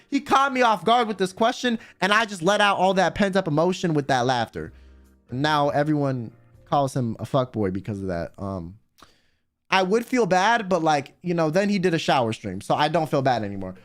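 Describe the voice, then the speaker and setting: Young male streamer, high and expressive, comedic and profane, light background music. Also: normal speed. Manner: animated, profane, joking. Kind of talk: casual comedic commentary.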